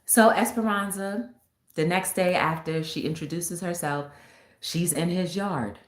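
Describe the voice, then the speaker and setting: A woman's voice: fairly low pitch, measured pace. A woman talk show host casually retelling a film story, acting out the scenes as she goes. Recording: echoey room with faint noise.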